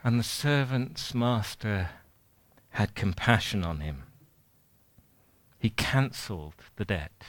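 A man preaching a sermon in a conversational way, retelling a parable with animated asides. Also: lowish voice, dry recording.

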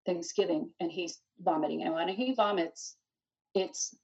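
A middle-aged woman telling her story in an interview, animated and rambling, full of restarts and "you know.". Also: fairly low pitch, unhurried, slightly rough. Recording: distant dull lo-fi mic.

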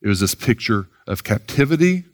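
A man's voice: mid-range voice, big pitch swings, fairly quick. A man teaching about preaching, emphatic and full of rhetorical questions. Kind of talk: teaching talk.

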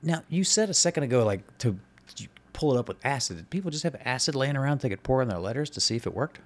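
A man's voice: mid-range voice, lively intonation, fast talker. A man co-hosting a podcast who teases his partner with wry, casual banter. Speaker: podcast co-host. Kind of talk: casual comedic chat.

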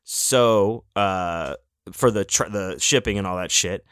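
Deep-voiced and slow, with a fairly bright tone, a man hosts a podcast in a loose, meandering monologue packed with fillers, restarts and occasional swearing. It's studio quality, with no room sound.

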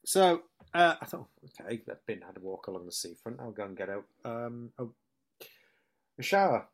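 A man from Hull with a northern English accent, an actor telling stories in a relaxed interview, full of restarts and quick impressions of other people. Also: medium pitch. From Hull, England. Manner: chatty storyteller who breaks into lively impressions, with many restarts. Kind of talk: casual anecdotal chat.

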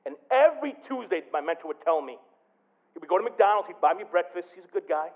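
A man preaching a sermon as pastor, telling a story with big swings from quiet to loud. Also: high-pitched, animated, fast, narrow, tinny audio. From Michigan.

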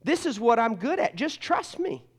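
A man's voice: very high voice, sing-song, moderate pace, pitched above the performer's own voice, heavily acted. A man playing a weary, stubborn veteran fisherman who pleads in exasperation. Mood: exasperated.

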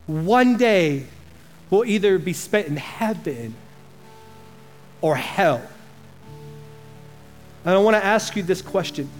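A man pastor preaching a passionate sermon, rising to loud emphasis and dropping to slow, quiet lines. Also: high voice.

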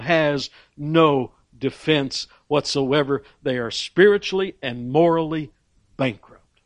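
A male preacher with a fairly high voice, delivering a sermon in an emphatic way. He swings from loud peaks down to quiet asides and often restarts his phrases. The sound is dry and close. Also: measured pace, no room sound.

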